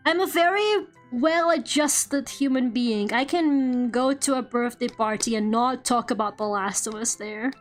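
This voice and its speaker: Young woman, high voice, casual stream chat, animated, laughing, faint background music. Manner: animated, swearing, laughing, reading chat aloud. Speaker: VTuber art streamer.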